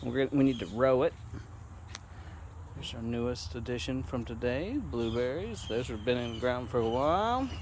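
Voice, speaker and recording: A man's voice: expressive, normal speed, a little mellow, a little hiss or hum. A man giving a casual walking tour of his farm outdoors, chatty and easygoing, now and then talking to his animals. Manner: chatty, talks to the animals in a higher coaxing voice. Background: geese honking and farm animals.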